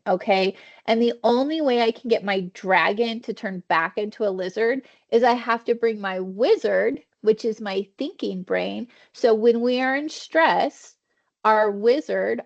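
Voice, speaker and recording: Female wellness trainer, conversational, acts out thoughts; gravelly edge, dull video-call audio. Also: medium pitch. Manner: warm conversational teaching, acts out inner thoughts. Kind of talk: virtual training session.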